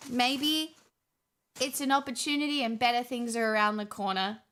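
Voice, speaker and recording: Chatty high-voiced woman streamer. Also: fairly even intonation, normal speed, a bit bright. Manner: rambling, many restarts and fillers, swears freely. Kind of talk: casual livestream chat.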